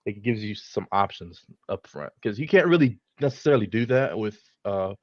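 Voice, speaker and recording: A man calling into a football show, talking in a rambling, hedging, relaxed way. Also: fairly low pitch, normal speed, no room sound. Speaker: caller. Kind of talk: casual football call-in. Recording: dull lo-fi call line.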